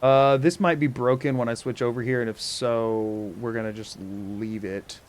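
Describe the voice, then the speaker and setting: This time the game streamer's voice is mid-range and steady at a moderate pace. He still chats casually with viewers in a playful, wandering style heavy on repeated wordplay.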